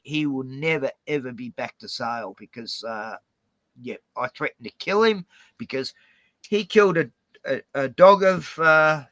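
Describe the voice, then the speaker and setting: A man with an Australian accent, hosting and telling rough stories in casual chat, swearing a lot. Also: medium pitch, dry recording. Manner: swears heavily, animated rants. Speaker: host. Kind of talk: profane casual storytelling.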